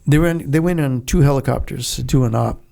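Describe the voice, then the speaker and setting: A man's voice: medium pitch, fairly quick, vocal fry, dark tone. A man in his seventies, a guest on an interview show, telling blunt, profane stories in a casual way and acting out the dialogue as he goes. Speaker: guest, Vietnam veteran.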